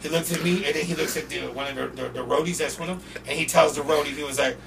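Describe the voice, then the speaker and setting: A young man from Portland, a podcast guest, telling loose, profane stories in casual chat and shouting when he quotes people. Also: on the high side, fast, vocal fry. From Portland, Oregon. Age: young adult. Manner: loose, profane, animated storyteller who often shouts when quoting people. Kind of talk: casual storytelling. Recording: distant mic with faint noise.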